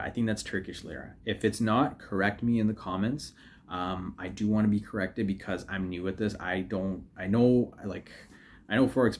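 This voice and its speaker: A man's voice: fairly low pitch, vocal fry, slight background noise. A man hosting a trading channel, talking casually over his screen, rambling, joking and correcting himself with lots of fillers. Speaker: forex trading YouTuber. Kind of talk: casual screen-share commentary.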